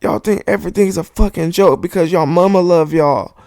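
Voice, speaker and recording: This podcast host has a high, brisk voice with a darkish tone, captured at studio quality on a studio mic with no echo. He rants heatedly and profanely in a monologue, insisting on one point repeatedly.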